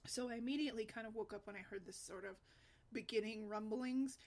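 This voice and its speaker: Woman vlogger, chatty storyteller, loose and rambling, quick to laugh. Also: fairly high pitch, creaky, darkish tone. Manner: chatty, rambling, laughs often, many fillers. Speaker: single mom blogger. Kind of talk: casual personal storytelling.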